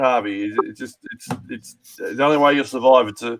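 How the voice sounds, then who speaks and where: A man's voice: mid-range voice, brisk, no room sound, low-quality recording. A man hosting a casual call-in chat, joking and rambling with laughs. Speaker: podcast host.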